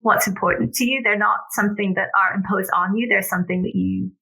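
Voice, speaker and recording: Middle-aged female guest coach; bright, lively delivery, acts out dialogue. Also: medium pitch, quick pace, vocal fry, poor audio. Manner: animated storyteller acting out family dialogue. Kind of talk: casual interview chat.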